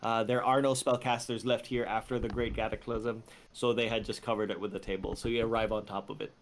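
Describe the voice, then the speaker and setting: A man narrating a tabletop game as game master, describing scenes in a loose, relaxed way with frequent fillers. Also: fairly low pitch, brisk, a little hiss or hum.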